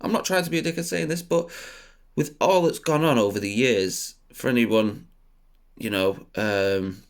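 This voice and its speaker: A young man doing sit-down comedy, rambling and swearing, laughing at his own jokes and bursting into loud high outbursts. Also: normal speed. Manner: rambling, swearing, many fillers.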